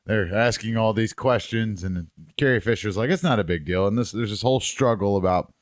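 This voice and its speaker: Male podcast co-host, lowish voice, laid-back profane storyteller, dry sound. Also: brisk, dry recording. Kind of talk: casual chat.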